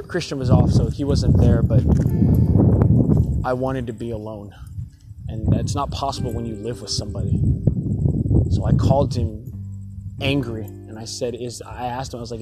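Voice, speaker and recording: Young man, confessional vlog, heated and rambling, average pitch, loud guitar bed. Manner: rambling, frequent restarts, swearing, heated. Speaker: store worker venting. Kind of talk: personal confessional monologue. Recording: loud guitar music behind the voice.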